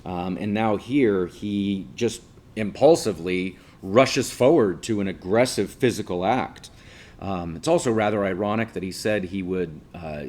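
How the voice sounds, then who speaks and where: A man's voice: low voice, a little mellow. A male teacher giving a casual classroom lecture, explaining patiently and checking in with listeners by asking 'right?'.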